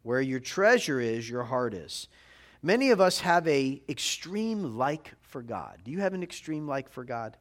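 A man's voice: medium pitch, sing-song, a little slow. A middle-aged man preaching a sermon as a rabbi, talking conversationally to the congregation and often asking "right?". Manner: conversational preaching, frequent tag questions.

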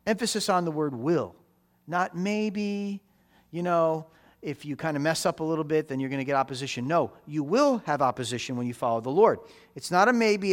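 A man's voice: a little high, fairly bright tone. A man giving a sermon as a pastor, talking conversationally, asking the listeners rhetorical questions and repeating phrases for emphasis.

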